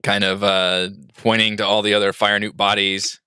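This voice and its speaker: A man runs a tabletop game in a low, bright, smooth voice. He narrates loosely with many fillers, recorded dry and close. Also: moderate pace, no room sound. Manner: relaxed, full of fillers and hedges. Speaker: dungeon master.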